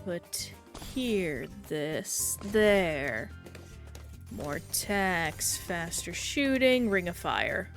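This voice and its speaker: A woman's voice: fairly low pitch, sing-song, very slow, soft background music. Chatty woman streaming a game. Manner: chatty, self-reflective, reads chat aloud. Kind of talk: casual gaming stream chat.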